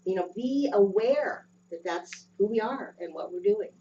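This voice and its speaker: A woman giving a sermon in a gentle, unhurried way, pausing often with ums. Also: mid-range voice, animated. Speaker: lay speaker. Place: church sanctuary. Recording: dull distant sound with faint hum.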